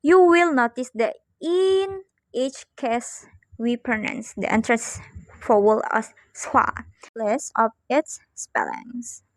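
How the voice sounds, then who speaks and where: A woman's voice: on the high side, no echo. Young woman reading a phonetics lesson aloud. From Indonesia. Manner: careful, halting reading with small slips. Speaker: student presenter.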